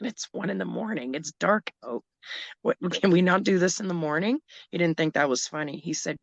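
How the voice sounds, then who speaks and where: A middle-aged woman with a deep, gravelly voice shares a scary personal experience as an interview guest. The recording is dry, and her delivery is emotional and hesitant, with many restarted sentences.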